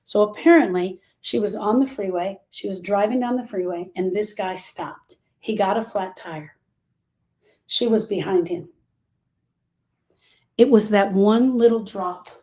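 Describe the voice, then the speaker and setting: A woman with a mid-range, slightly mellow voice talks at normal speed as host of a grief podcast. Through emphatic, conversational stories with phrases repeated for weight, she gives a heartfelt, motivational talk.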